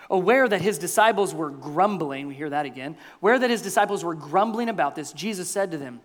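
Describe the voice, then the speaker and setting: A man preaching a sermon as pastor, swinging between loud bursts and near-whispers. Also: on the high side, brisk, few pauses, big-room sound. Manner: animated preaching with big swings in loudness, dropping to near-whispers.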